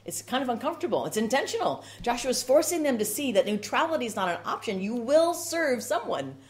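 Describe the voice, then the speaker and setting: A woman's voice: a little high, sing-song, quick pace. Woman preaching an emphatic sermon. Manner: emphatic, rhythmic repetition, occasional laughs.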